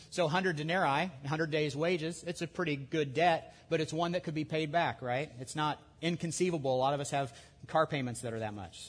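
A man preaching a sermon in a conversational way, with lively asides and restarts. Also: fairly high pitch. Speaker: pastor.

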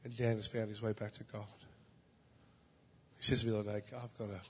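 A man preaching a sermon in a church, telling a story in a lively way, rising to loud, high outbursts and dropping to soft, low asides. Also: fairly quick, a little hiss or hum. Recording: long reverb of a large hall.

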